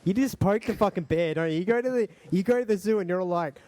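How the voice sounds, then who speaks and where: Male podcast co-host, slightly high voice, rambling and joking. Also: fast talker, a little mellow, no echo. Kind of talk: casual chat.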